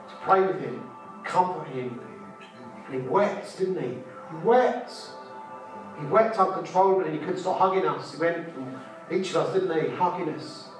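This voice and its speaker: Fervent man preaching in an echoing hall. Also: on the high side. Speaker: street preacher. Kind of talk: conference sermon. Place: large conference hall. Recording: echoey hall from a distance with faint music.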